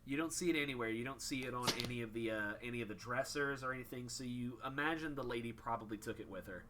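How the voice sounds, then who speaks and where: A man's voice: medium pitch, fast talker, noisy background. A man running a tabletop game as game master, casual and full of ums. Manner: casual, lots of ums and uhs.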